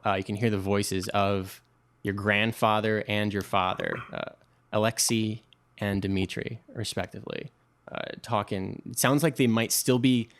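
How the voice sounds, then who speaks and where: A man's voice: on the low side, a bit bright. Rambling male game master. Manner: rambling, full of fillers. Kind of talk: narrating a tabletop game.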